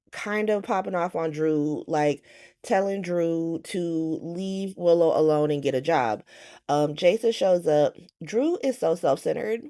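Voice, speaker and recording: A woman's voice: on the low side, dark tone. A woman hosting a casual soap opera recap vlog, sassy and slangy, swearing freely and quoting characters with animation.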